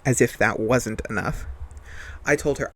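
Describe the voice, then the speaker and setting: A man's voice: medium pitch, a little slow, a bit bright. Young man telling a heated personal story. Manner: emphatic, heated when retelling. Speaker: podcast host.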